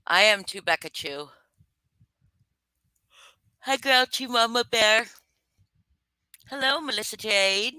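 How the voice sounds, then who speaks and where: A woman's voice: a little high, lively intonation, slow pace, pauses often, pushed and bright, clean tone, no echo. A young woman hosting a casual livestream, greeting viewers by name and teasing them with mock-rude jokes. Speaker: livestream host greeting chat.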